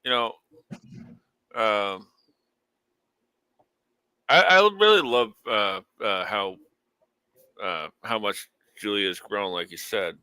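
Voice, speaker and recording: A man co-hosting a wrestling podcast in casual chat, halting with many fillers and then jumping into sudden lively bursts. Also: lowish voice, clean tone, no echo, rough recording. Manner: halting, full of uhs and likes, then lively spikes. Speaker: podcast co-host. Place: home setup on a live stream call.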